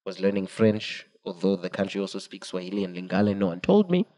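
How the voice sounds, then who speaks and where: A man's voice: sits low, sing-song, fast talker, warm tone, poor audio. A young man, a podcast co-host, telling a long personal story in casual chat, laughing often and quoting people in put-on voices.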